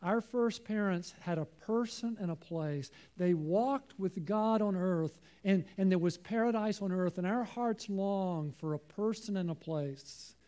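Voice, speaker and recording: A man's voice: high-pitched, unhurried, few pauses, mellow. A man preaching a sermon with emphatic delivery, repeating key phrases and calling on his listeners to answer back.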